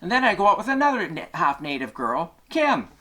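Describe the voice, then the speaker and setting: Ranting angrily and profanely on his vlog, a middle-aged man from Canada recounts something that happened to him, swearing throughout. He speaks a bit quickly in a high, sing-song voice that has a sharp tone.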